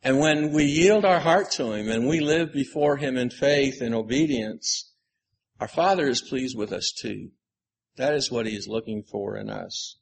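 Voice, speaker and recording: A man preaching an earnest, measured sermon on a gospel passage, slowing down to stress key words. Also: mid-range voice, vocal fry, slight background noise. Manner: measured, earnest, slows for emphasis. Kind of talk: sermon on scripture.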